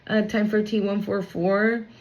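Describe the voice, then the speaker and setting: Chatty woman doing a spiritual reading, blunt n swears a lot, reassuring, middle pitch voice. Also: level tone, unhurried, darkish tone, low-quality recording. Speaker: spiritual card reader. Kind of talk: casual spiritual reading to camera.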